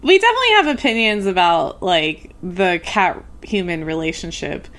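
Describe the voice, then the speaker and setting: A woman's voice: on the low side, very animated, normal speed, a bit bright. A woman co-hosting a podcast in casual late-night chat, chatty and full of fillers, laughing often. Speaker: podcast co-host.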